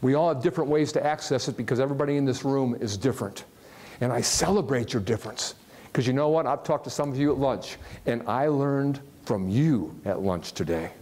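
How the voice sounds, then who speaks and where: A man from Ohio giving a live motivational talk to an audience, animated and jokey, often putting questions to the crowd. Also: medium pitch, brisk. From Ohio, USA. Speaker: motivational speaker. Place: large hall with a live audience.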